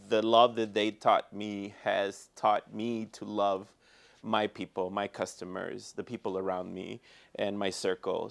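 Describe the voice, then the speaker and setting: A man who owns a flower shop, chatting in an interview in a heartfelt, effusive way, full of "you know" and "like". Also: fairly low pitch. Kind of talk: casual interview chat.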